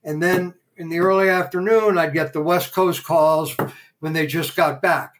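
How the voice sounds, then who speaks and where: Older man, animated raconteur. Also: fairly high pitch, normal speed. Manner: animated raconteur who acts out quoted dialogue. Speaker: podcast guest. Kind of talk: casual interview storytelling.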